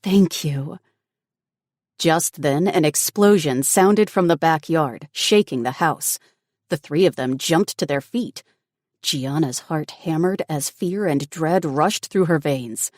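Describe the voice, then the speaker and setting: Woman reading an audiobook, low and slow, steady and even, dry close sound. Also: dry recording. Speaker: audiobook narrator. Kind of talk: scripted narration.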